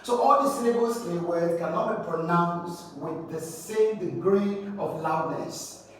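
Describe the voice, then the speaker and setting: A man with a Nigerian English accent coaching students for an oral English exam, explaining slowly, spelling out letters and quizzing the listener. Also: fairly high pitch. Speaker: exam prep teacher. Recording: echoey room, mic at a distance, faint background hiss.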